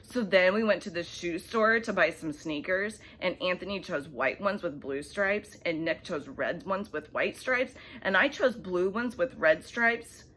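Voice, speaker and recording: A woman reading a children's bedtime story aloud, animated and expressive, with soft hushed asides. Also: fairly low pitch, unhurried, hardly any pauses, slight background noise.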